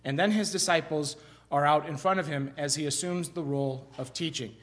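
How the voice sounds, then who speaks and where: A middle-aged man from Iowa preaching a sermon in a conversational, animated way, often restarting his sentences. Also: on the high side, brisk. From Iowa, USA. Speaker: pastor.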